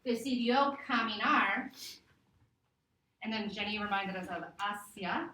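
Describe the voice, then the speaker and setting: A woman teacher giving a classroom lesson, lively and laughing, stretching words out slowly to model them. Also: medium pitch, slight background noise. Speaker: Spanish teacher. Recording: echoey classroom from far off.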